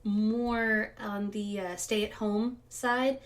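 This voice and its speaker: A woman co-hosting a podcast in casual chat, telling stories in an animated way and laughing as she talks. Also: medium pitch, extremely slow. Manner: animated storyteller, laughs while talking. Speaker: podcast co-host.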